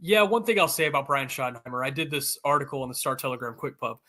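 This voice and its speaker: A man talking as a guest sports reporter, casual and energetic, with quick restarts and fillers. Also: medium pitch.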